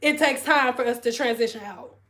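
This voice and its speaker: A woman's voice: a little high, a little fast, fairly bright tone. A woman in her thirties, a former hairstylist, talking bluntly to her viewers on a phone livestream, swearing freely and repeating phrases for emphasis. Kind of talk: candid livestream chat with viewers. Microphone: phone camera.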